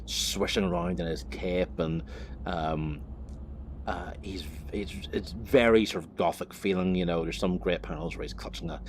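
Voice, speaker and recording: A man with a low-pitched voice talks casually while driving, rambling from thought to thought. He swears often and laughs at himself. A faint hum sits under his voice. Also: steady tone, moderate pace. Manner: rambling, swears freely, self-mocking. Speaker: vlogger. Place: driving a vehicle on the road.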